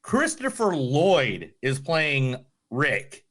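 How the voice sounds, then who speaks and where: A man's voice: on the high side, wildly swooping pitch, extremely slow, fairly bright tone. A man co-hosting a podcast, chatting loosely and joking while reading out entertainment news. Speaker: podcast co-host. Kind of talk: casual podcast chat.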